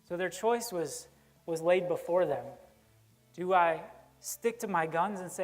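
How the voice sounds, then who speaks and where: A man's voice: high voice, measured pace, soft background music. A man preaching a conversational sermon in a church, acting out the characters he quotes. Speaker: pastor. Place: church sanctuary.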